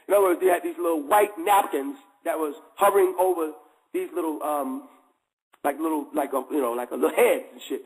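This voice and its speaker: A man's voice: on the high side, low-quality recording. A man hosting a show, preaching in a casual, conversational way and constantly checking in with his listeners. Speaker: host.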